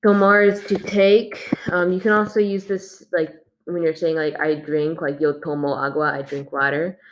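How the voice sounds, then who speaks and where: A young Spanish teacher with a low voice and fairly flat intonation walks through her class notes in a recorded video lesson. She talks at a moderate pace in a casual, chatty way, using plenty of fillers. There's a faint hiss or hum in the background.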